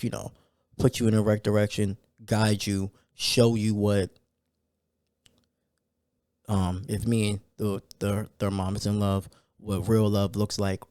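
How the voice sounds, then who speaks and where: A man hosts his own podcast, talking off the cuff with plenty of fillers and bursts of excited ranting. His voice sits low and mellow. It is recorded close and dry, with no room sound. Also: no room sound. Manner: loose and conversational, with fillers and rising excited rants. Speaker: podcast host. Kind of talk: casual solo podcast talk.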